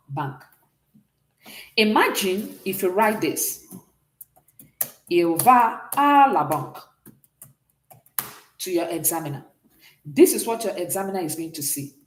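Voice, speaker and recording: A woman's voice: fairly low pitch, echoey room. A woman teaching a beginners' French class online, explaining patiently and checking in often with the students.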